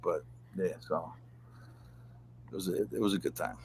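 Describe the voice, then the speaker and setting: A man's voice: deep voice, normal speed, a little mellow, husky. A man telling stories in casual talk, profane and rambling, with many restarts. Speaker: guest storyteller. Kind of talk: casual chat.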